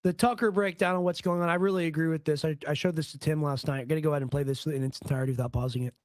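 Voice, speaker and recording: A man hosting a casual political commentary stream, joking and rambling, his voice a little hoarse. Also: on the high side, steady tone, very fast, no echo. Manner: joking, rambling, does comic impressions. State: slightly hoarse. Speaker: stream host.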